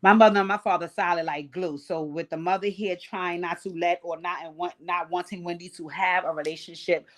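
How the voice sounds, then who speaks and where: A woman's voice: on the low side, fairly even intonation, a little fast, hardly any pauses. Brief: woman in her 40s, channel host, sassy and profane, casual reality TV recap, blunt asides.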